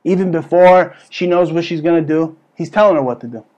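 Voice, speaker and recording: A man's voice: a little high, brisk, dull audio. A man hosting a comedy show with a brash, crude, ranting delivery. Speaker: host. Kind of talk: comedic political rant.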